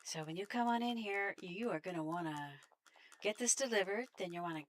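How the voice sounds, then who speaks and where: A woman's voice: mid-range voice, a little fast. A Canadian woman with a Canadian accent, chatting casually while playing a game and talking to the enemies on screen. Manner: chatty, laughs often, talks to enemies. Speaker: game streamer. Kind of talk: casual gameplay commentary.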